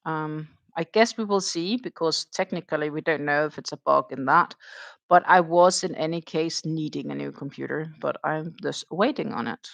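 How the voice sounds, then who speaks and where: This Danish-accented woman has a low, creaky, slightly bright voice and talks at normal speed, with no room sound. Hosting a laid-back crochet stream, she chats with dry sarcasm and thinks aloud while counting stitches.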